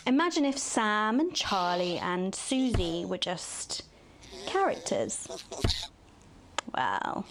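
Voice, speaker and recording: A woman's voice: mid-range voice, close to an everyday voice. An actress playing a scheming, devilish female TV presenter in a video game, with a taunting, purring manner. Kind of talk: video game live-action acting.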